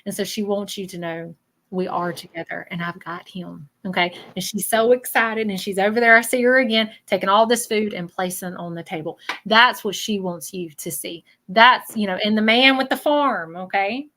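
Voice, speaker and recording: Casting: woman, psychic medium hosting a live reading, chatty, bright tone. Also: medium pitch, moderate pace, hardly any pauses, a little hiss or hum, poor audio. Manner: chatty, keeps checking in with 'okay?'.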